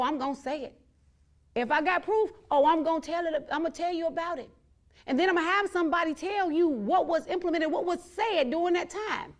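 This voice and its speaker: Woman, high voice, blunt and defiant, repeats her points, solo monologue to viewers. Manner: blunt, defiant, repetitive emphatic declarations. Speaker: elected official hosting her own show.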